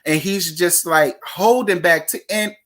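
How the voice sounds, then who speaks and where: A host recapping reality TV episodes in casual commentary, blunt and profane, talking straight to the viewers with sudden jumps in pitch and speed. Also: measured pace, a bit bright. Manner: blunt, profane and opinionated, addressing viewers directly.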